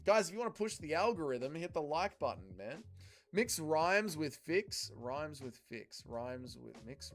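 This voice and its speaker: Casual male streamer, a bit high-pitched. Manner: reads viewer comments aloud and answers them, loose and profane. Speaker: livestream host reading chat. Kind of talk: casual livestream chat.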